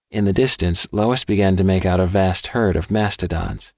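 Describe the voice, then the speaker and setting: A man narrating an audiobook in a measured, even reading. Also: deep voice, dry recording, studio quality. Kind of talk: scripted narration.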